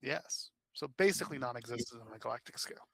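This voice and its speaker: A man's voice: medium pitch, expressive, fast, creaky. A man playing in a tabletop game, recapping the last session in a chatty, wry way. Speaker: player. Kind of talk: casual chat recapping a game.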